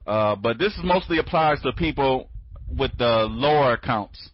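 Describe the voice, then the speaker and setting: A tired man hosting a casual online training call, talking quickly, rambling and repeating himself with many restarts. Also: mid-range voice, no room sound. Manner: talks fast when excited. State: sleepy, tired. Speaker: online training conference host. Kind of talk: casual live webinar talk. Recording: dry, dull lo-fi audio.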